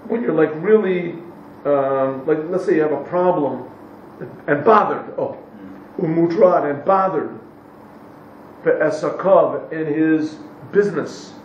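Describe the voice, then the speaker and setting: Slow, echoey distant man teaching a text. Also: fairly high pitch, a little hiss or hum. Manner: pauses to search for English words. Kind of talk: translating a text line by line in a class. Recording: echoey, distant, dull lo-fi room recording.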